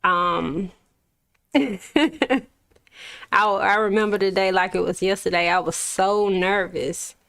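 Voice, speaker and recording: A young adult woman from Florida, a recording artist telling her story in a relaxed, casual interview, laughing often and swearing freely. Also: mid-range voice, slow pace, creaky, pauses often.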